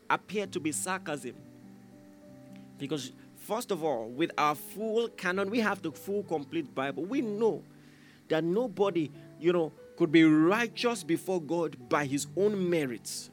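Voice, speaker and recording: A man preaching a sermon, emphatic and repeating key phrases, raising his voice when he acts out quoted lines. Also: a little high. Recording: faint instrumental music behind.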